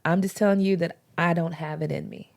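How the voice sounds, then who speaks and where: A woman's voice: lowish voice, fairly even intonation, a little fast, gravelly, a little mellow. Earnest woman in casual faith chat. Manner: earnest, conversational, with informal slang. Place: podcast recording.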